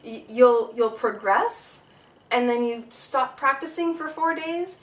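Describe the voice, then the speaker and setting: A woman teaching an English speaking lesson, with a clear, emphatic delivery. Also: high-pitched, takes it slowly, reverberant, distant mic, rough recording.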